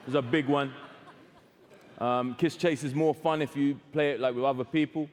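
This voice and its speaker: A man's voice: medium pitch, fairly even intonation, moderate pace, darkish tone. A man hosting an awards ceremony on stage, joking, rambling and laughing at his own jokes. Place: large hall with live audience. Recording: long hall reverb, audience noise.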